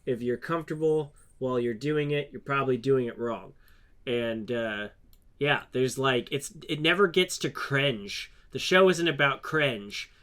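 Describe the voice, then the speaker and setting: A man's voice: mid-range voice, fairly bright tone. A man co-hosting a podcast, chatting casually with lots of fillers and restarts. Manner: halting, many restarts and fillers. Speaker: podcast co-host. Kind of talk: casual chat.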